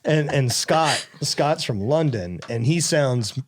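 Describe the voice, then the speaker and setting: A man's voice: medium pitch, expressive, slow pace. A man hosting a podcast, chatting casually and telling rambling stories full of swearing. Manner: swears freely, rambling storyteller. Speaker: podcast host. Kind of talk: casual chat.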